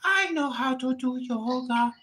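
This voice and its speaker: A man's voice: very high-pitched, animated, unhurried, bright, forceful tone, a little hiss or hum, pitched above the performer's own voice, heavily acted. A man voicing an anxious, complaining female tenant who speaks in broken English with a whiny tone.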